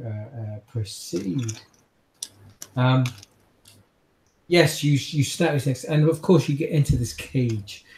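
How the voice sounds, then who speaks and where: Game master guy narrating dramatic, kinda halting, echoey room. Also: fairly high pitch, a little mellow, slight background noise.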